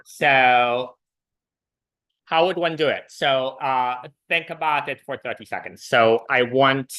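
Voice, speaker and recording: A man's voice: mid-range voice, slow, smooth. A man lecturing a university programming class, talking loosely with many "uh"s and restarts. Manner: relaxed, many fillers and restarts. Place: lecture hall.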